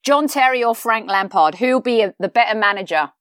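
A woman's voice: fairly high pitch, lively intonation, a bit bright, dry recording, clean studio sound. Playful woman host running a quiz. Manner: brisk, playful, calls guest babe. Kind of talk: casual chat, quick-fire quiz.

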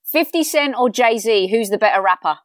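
A woman hosting a casual chat, running a quick-fire quiz in a brisk, playful manner. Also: a little high, lively intonation, dry recording, clean studio sound. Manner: brisk, playful, calls guest babe. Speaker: host.

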